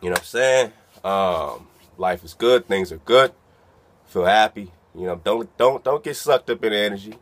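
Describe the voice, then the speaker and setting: Over an instrumental beat, a low-voiced man freestyles a loose, profane rap at a normal pace. He drops "man" into almost every line.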